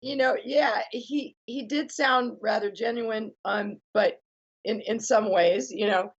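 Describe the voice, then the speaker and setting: A woman's voice: fairly high pitch, takes it slowly, breathy edge, muffled recording. A woman, a guest rock musician, chatting casually and filling her talk with "you know" and restarts. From United States. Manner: chatty, many fillers and self-corrections. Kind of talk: casual conversation.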